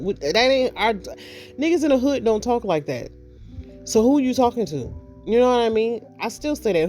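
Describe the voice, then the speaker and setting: Middle-aged woman cussing freely, talking straight to camera, faint music under it. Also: mid-range voice. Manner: blunt, profane, animated storytelling with mocked voices. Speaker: vlogger. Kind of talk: casual monologue.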